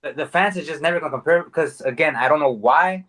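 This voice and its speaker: A man's voice: on the high side, fast, a bit bright. A man who is a guest on a casual podcast, talking in a laid-back, profane, rambling way. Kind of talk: casual chat.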